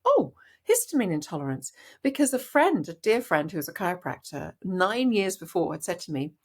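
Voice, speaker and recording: Brief: woman, middle-aged, low-pitched, earnest storyteller, interview guest. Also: husky. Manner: animated, earnest, frequent restarts. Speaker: doctor guest.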